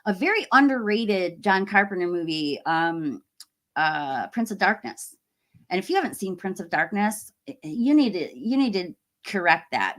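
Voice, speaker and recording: Chatty woman hosting a livestream. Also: medium pitch. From United States. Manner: chatty, warm toward viewers, with fillers and laughs. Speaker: livestream host. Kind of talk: casual livestream chat reading comments.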